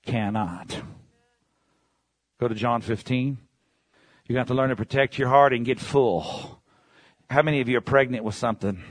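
Fervent preacher man, dry close sound. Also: no echo. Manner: fervent, builds to shouts then drops low and slow; repetitive, emphatic. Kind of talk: sermon.

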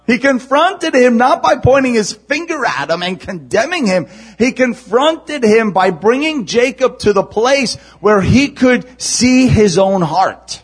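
A male pastor preaching a sermon, animated, moving from hushed, low passages to loud, shouting ones. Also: breathy edge.

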